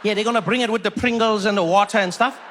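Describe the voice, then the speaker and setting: A man voicing a deadpan male seat neighbour who jokes with a straight face. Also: sits high, fast talker, noisy background, close to an everyday voice. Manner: casual, deadpan joking.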